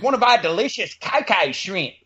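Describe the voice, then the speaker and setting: A man putting on a brash Australian restaurant pitchman from a TV commercial, in a hammy mock accent. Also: animated, very fast, a bit bright, lo-fi sound, a little hiss or hum, natural voice.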